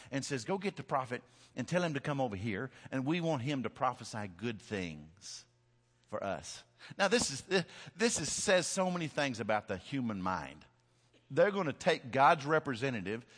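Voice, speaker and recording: Male preacher, sermon, animated, swings from hushed to shouting, bright tone. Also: medium pitch, long reverb tail. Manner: animated, climbs to loud shouting peaks.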